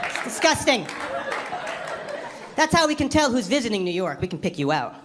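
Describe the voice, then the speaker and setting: A woman doing a stand-up comedy set on a club stage, wry and animated, jumping into squealy voices for the people she quotes. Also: on the high side, moderate pace, background noise. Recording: live club recording with crowd laughter. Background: audience laughing.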